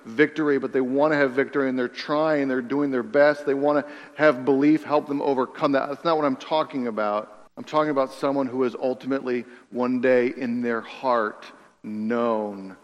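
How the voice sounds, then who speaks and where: A man preaching a sermon in an earnest way, repeating phrases for emphasis and dropping to a hush on key lines. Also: medium pitch, fairly even intonation, a little fast, hardly any pauses, long reverb tail, dull audio. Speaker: pastor.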